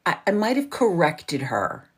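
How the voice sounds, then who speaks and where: A woman in her forties with a New York accent hosts a relaxed morning livestream from home, her voice sitting low for a woman. She talks straight into a phone or webcam, chatty and loose, swearing freely and throwing herself into animated storytelling. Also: unhurried, husky. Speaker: livestream host. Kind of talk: casual morning livestream chat.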